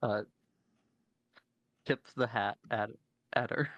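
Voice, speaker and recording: A man's voice: fairly low pitch, slow pace, a bit bright, dry recording, muffled recording. A man casually describing his character's actions as a player in a tabletop game.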